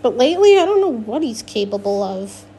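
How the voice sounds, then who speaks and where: A woman's voice: fairly high pitch, sing-song, fairly quick, dark tone, a little hiss or hum. A woman narrating a first-person novel, reading with frequent restarts and self-corrections. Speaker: audiobook narrator.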